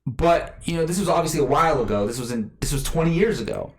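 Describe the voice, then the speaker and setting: A man's voice: on the high side, expressive, quick pace. Rambling man in an echoey room. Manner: rambling, many fillers and restarts. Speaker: podcast co-host. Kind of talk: casual movie review chat.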